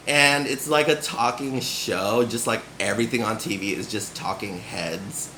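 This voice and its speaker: A man vlogs to his camera at an unhurried, drawn-out pace, his voice sitting a little low. He rambles loosely, piling on "like"s and restarting his sentences. The room sounds roomy and echoey, with a faint hiss behind him. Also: bright, forceful tone. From United States. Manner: loose, filler-heavy talk with many "like"s and restarts. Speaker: vlogger. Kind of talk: casual rambling monologue to camera. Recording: roomy echo with faint background noise.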